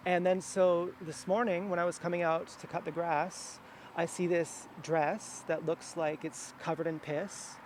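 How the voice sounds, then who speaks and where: Rambling high-voiced man outdoors. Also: level tone, a little slow, a little hiss or hum. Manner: meandering, many fillers and restarts. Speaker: vlogger. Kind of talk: rambling personal monologue. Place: outdoors near a house.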